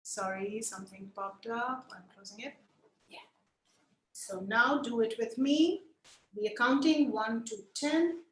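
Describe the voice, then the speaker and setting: Woman, high voice, puppetry teacher, lively and coaxing, echoey room. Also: unhurried, slight background noise. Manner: lively, demonstrative, coaxing the group to join in. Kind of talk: online workshop instruction.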